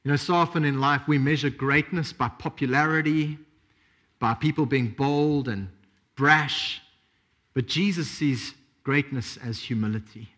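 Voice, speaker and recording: A man's voice: medium pitch, a little slow, fairly bright tone. A man preaching a sermon, emphatic, repeating key phrases and asking rhetorical questions.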